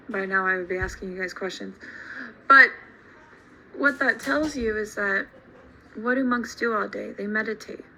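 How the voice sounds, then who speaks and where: A woman teacher telling a story to her class in an animated, emphatic way. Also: mid-range voice, creaky, low-quality recording. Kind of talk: storytelling lesson.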